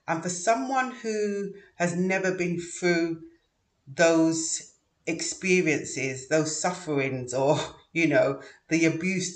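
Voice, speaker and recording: A middle-aged man speaking in a reflective personal monologue, earnest and measured, with frequent pauses. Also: high-pitched. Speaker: vlogger sharing personal story. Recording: echoey room.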